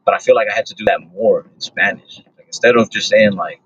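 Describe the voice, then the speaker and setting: Laid-back comedian guest, low-ish monotone voice, filler-heavy, slightly dull lo-fi audio. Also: male voice, quick pace, a little hiss or hum. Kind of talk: casual podcast chat. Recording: dull lo-fi recording.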